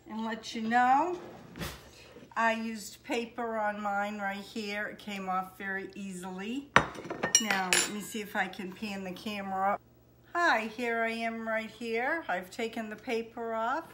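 A woman's voice: mid-range voice, a bit bright, a little hiss or hum. An older woman with a Maine accent, chatting homespun and friendly while showing how she bakes at home. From Maine, USA. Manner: chatty, homespun, talks to viewers as folks. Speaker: home cooking vlogger. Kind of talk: casual cooking demonstration. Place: home kitchen.

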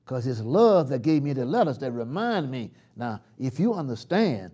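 A man preaching a live church sermon, swinging from loud shouts down to hushed murmurs and leading the congregation in call-and-response chants. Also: medium pitch, big pitch swings, normal speed, few pauses, breathy edge. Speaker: pastor. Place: church sanctuary.

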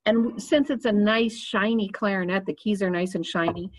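A woman's voice: medium pitch, steady tone, normal speed, hardly any pauses. A woman giving a clarinet lesson, explaining each step patiently while she demonstrates. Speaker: clarinet teacher.

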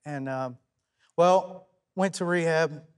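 A young man with an East Tennessee accent, a musician guest on a talk show, telling his story softly with many pauses and ums. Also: a little high, clear, resonant tone. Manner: soft-spoken and halting, many ums.

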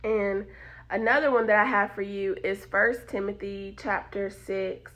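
A young woman with a Southern country accent gives an informal devotional talk, emphatic and lively, often breaking into laughter. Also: mid-range voice, measured pace. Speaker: devotional speaker.

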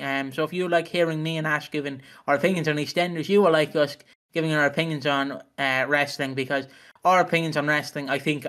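A young man co-hosting a casual podcast chat, his voice sitting a little high. He rants freely and swears a lot as he talks. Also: fairly bright tone. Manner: ranting, heavy swearing. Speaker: podcast co-host.

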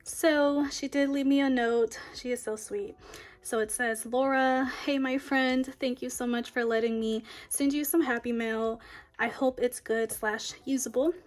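A woman's voice: a little high, fairly even intonation, unhurried. A young woman, chatting casually while counting cash for her budget. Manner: counting bills aloud, chatty and upbeat. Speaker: budgeting vlogger. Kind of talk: casual cash-stuffing chat.

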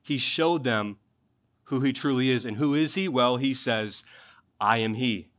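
A man preaches from the pulpit, reading scripture and then explaining it in a conversational way. His voice sits at an ordinary pitch and swells with fervor when he drives a point home. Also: a little slow, a bit bright. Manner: expository preaching, rising in intensity at key points. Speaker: pastor. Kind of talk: sermon.

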